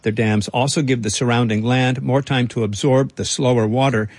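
Husky-voiced radio reporter man. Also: mid-range voice, steady tone, normal speed, darkish tone, no room sound. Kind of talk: scripted narration.

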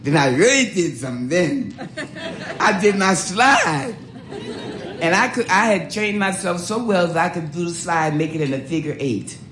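A woman's voice: on the low side, fairly quick, hardly any pauses, a crowd in the background, background noise. Older New woman telling stories. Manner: animated, laughing, acts out voices. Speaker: storyteller. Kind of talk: told life story. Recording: roomy echo.

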